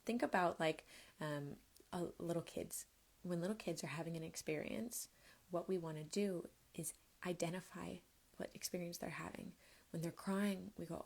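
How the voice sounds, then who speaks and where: A woman coach teaches over a live stream, taking her time and speaking gently. Her voice sits low and carries a noticeable vocal fry. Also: normal speed. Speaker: somatics coach.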